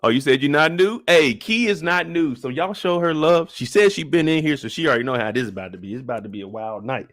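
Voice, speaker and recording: A man's voice: a little high, fast talker, few pauses, a bit bright, no echo, studio quality. A man in his thirties hosting a live stream, chatting loosely in slang and greeting viewers by name. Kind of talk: casual live-stream review chat.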